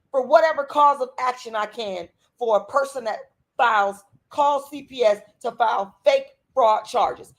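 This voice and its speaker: A woman's voice: on the high side, slightly rough. Furious woman ranting at her critics. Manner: furious, confrontational, heavy profanity, threatening. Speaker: channel host. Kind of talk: angry direct-to-camera rant.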